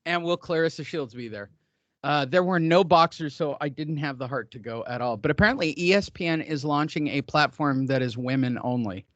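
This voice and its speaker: A man's voice: fairly high pitch, a little fast, hardly any pauses, fairly bright tone, dry recording, dull audio. A man hosting a boxing podcast from a studio desk, ranting loosely with crude, profane jokes. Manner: loose, profane, joking rants. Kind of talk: casual crude podcast banter.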